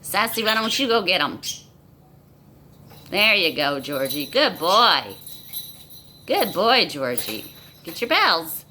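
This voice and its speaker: A woman's voice: lowish voice, sing-song, slow pace, long pauses, pushed and bright, slight background noise. A woman coaxing her pets in a sing-song, baby-talk voice, recorded on a phone at home. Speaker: pet owner. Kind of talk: talking to pets. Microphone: phone camera.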